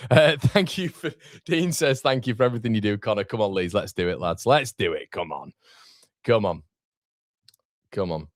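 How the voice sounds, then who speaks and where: Young streamer host, deep voice, dry close sound, casual chatter. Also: male voice, no room sound. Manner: chatty, reading out viewer comments. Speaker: football watchalong host. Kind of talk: casual live-stream chat. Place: home room.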